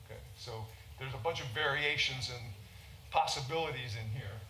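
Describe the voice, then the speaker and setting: A man's voice: mid-range voice, normal speed, sharp tone, slight background noise. A man from the United States, a physician, giving an informal conference lecture and often checking in with "okay?". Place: large conference hall. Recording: roomy hall with faint ambience.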